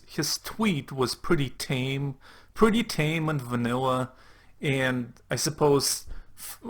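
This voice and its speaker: A man's voice: mid-range voice, fairly bright tone. A man giving sarcastic, profane commentary on political tweets as a YouTube host. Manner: mocking, profane asides.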